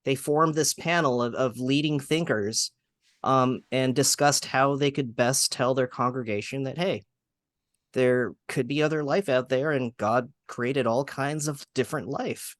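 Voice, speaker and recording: A man hosting a podcast, chatting with his guest in a measured, thoughtful way. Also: medium pitch, no room sound. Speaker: podcast host. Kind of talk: casual interview chat.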